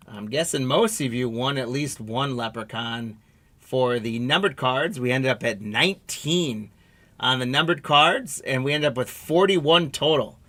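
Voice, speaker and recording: A man's voice: mid-range voice, sharp tone, no room sound. A man hosting a live trading card break stream, reading out player names and teams in a running patter and chatting with viewers.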